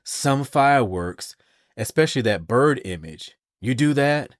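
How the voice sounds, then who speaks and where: A man's voice: medium pitch, animated, a little slow, no echo, studio quality, pitched above the performer's own voice, lightly acted. A man voicing a reckless, thrill-seeking young woman ninja who speaks in flip, breezy quips.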